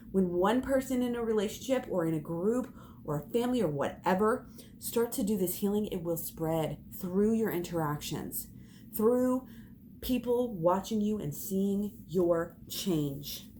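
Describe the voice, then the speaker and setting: A woman's voice: on the low side, darkish tone, a little hiss or hum. A young woman giving an emphatic spiritual pep talk as a tarot reader, swearing and laughing as she speaks.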